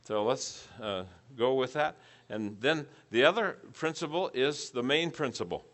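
A man's voice: mid-range voice, expressive, measured pace, a bit bright. A middle-aged man teaching a preaching class, putting questions to the group and repeating back their answers.

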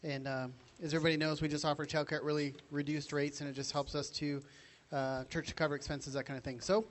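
A man at a church gathering making a short announcement, halting and using many fillers. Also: a little high, flat delivery. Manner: hesitant, filler-heavy. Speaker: church member giving announcement.

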